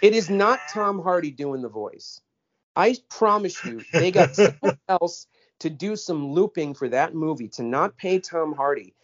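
A man's voice: a little high, expressive, a little slow, highs cut off. A man co-hosting a casual film chat, ranting with many stammered restarts. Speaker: podcast co-host.

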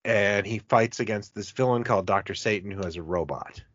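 A man with a somewhat low voice chats about cult films. He tells rambling stories with plenty of enthusiasm. The recording is dull and lo-fi, with a very dry, close sound. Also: a little fast, a bit bright, no echo.

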